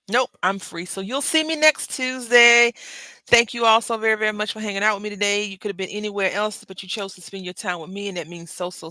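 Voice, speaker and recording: A woman's voice: medium pitch, pushed and bright, dry recording. A woman casually chatting to viewers while crafting, rambling and correcting herself as she goes. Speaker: craft livestream host. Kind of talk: casual craft livestream chat.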